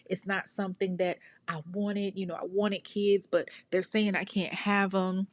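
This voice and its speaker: A woman voicing a frightened young woman trapped in a cult, pleading and apologetic, her voice pitched well above her own. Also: flat delivery, unhurried, no room sound, natural voice.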